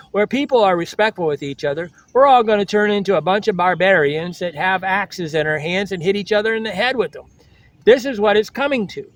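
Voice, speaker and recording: Blunt high-voiced older man. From United States. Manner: blunt, lecturing, repeats slogans. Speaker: travel vlogger. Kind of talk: blunt motivational monologue.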